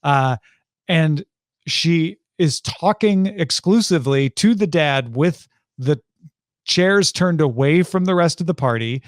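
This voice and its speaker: Chatty higher-voiced man, dry close sound. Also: slow, no room sound. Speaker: podcast co-host. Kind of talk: casual chat about a TV episode.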